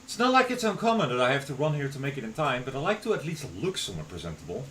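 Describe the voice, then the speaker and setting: A young male streamer reads a visual novel aloud on a live stream, and his voice rises and falls widely in mid-range pitch. He moves easily between steady narration and loose, joking asides. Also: rapid-fire, a little hiss or hum, rough recording. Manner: expressive, swings between narration and playful asides.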